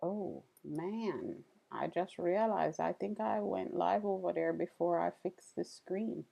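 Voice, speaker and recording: A woman's voice: lowish voice, slow pace, creaky, warm tone. A woman hosting a casual live stream, chatting with viewers and laughing often while she works. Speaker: livestream host.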